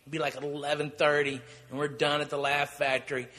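Comedian guy telling raunchy stories, bright sharp voice, reverby room. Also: fairly high pitch, fairly quick. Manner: profane, animated anecdotes. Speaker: comedian podcast co-host. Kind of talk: casual storytelling. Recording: long reverb.

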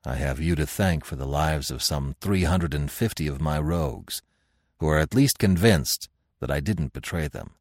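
Gruff barbarian warlord, deep and rumbly, a guy doing the voice, dry close sound. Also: moderate pace, no echo. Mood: grim, proud. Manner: gruff and commanding. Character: fierce, battle-bloodied barbarian war chief, male adult. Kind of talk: audiobook character reading.

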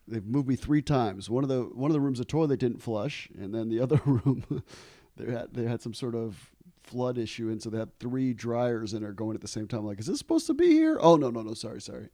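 Middle-aged podcast host, man with an American accent, mid-pitched, self-mocking, recorded dry. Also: warm tone, dry recording. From Ecuador. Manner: self-deprecating, laughs often. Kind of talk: casual comedic banter. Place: hotel room.

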